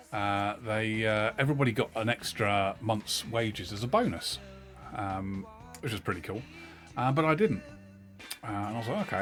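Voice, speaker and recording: Deep-voiced man telling stories. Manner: rambling, profane, full of fillers. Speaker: game streamer. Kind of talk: casual storytelling while gaming. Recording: game music behind the voice. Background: game music.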